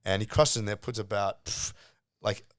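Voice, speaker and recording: Middle-aged guy from south africa, low voice, dry close sound, animated swearing stories on a podcast. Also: normal speed, no room sound. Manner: animated, swears freely, acts out quotes. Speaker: podcast guest, martial arts coach. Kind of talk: casual storytelling chat.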